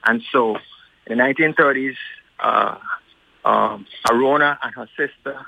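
A male radio guest recounting local history, speaking deliberately slowly with many ums and uhs. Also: mid-range voice, creaky, dry recording. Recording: tinny phone line.

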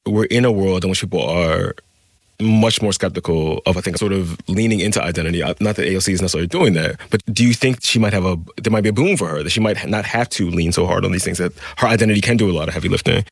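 A man's voice: low voice, quick pace, gravelly, breathy edge, no room sound, clean studio sound. A man hosting a casual podcast conversation, posing questions and checking in with "right?".

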